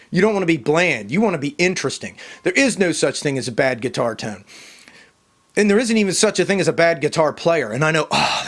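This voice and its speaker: A man's voice: on the high side, fairly bright tone. A man ranting casually to camera, emphatic and rambling, often repeating himself. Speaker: vlogger. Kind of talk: casual opinion rant to camera.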